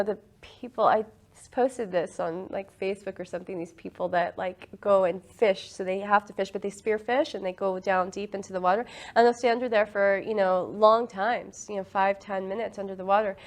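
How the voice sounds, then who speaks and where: A woman leading a casual spiritual talk about breath and meditation, earnest and quick to laugh. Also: medium pitch. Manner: laughs often, earnest and enthusiastic.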